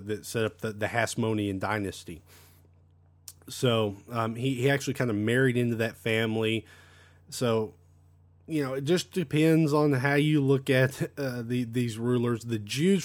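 A man teaching an unscripted Bible lesson, talking with frequent fillers and repeated words. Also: medium pitch.

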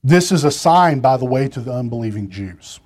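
A man's voice: medium pitch, expressive, moderate pace, a little mellow. A man preaching a sermon from a pulpit, talking in a conversational way with restarts and side remarks to the congregation. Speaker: pastor.

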